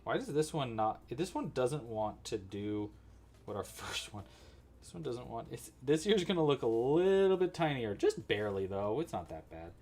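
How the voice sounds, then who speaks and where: Lively chatty male crochet host. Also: mid-range voice, normal speed. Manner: chatty, reacts to live chat while crocheting; counts stitches aloud under his breath. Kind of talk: casual live tutorial chat.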